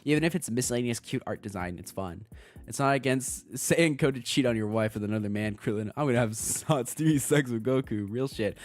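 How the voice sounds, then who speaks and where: A young man chatting casually on a livestream as a VTuber streamer, excitable, laughing often and swearing freely. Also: medium pitch, fairly quick.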